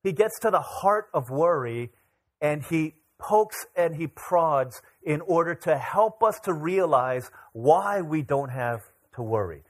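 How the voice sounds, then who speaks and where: A man's voice: on the high side, animated, takes it slowly. A man in his forties, a pastor, telling a story during a sermon with light humor and frequent fillers. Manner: storytelling, self-deprecating humor, many filler words.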